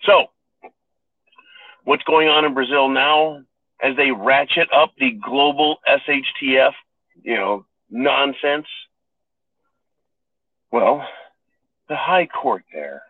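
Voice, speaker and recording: A man's voice: medium pitch, fairly even intonation, takes it slowly, pauses often, no echo. A man holds forth in a sarcastic, ranting monologue, talking straight to his listeners. His voice sits in an ordinary middle register. The sound comes through narrow and tinny, like a telephone line. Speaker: podcast host. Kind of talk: opinionated political monologue.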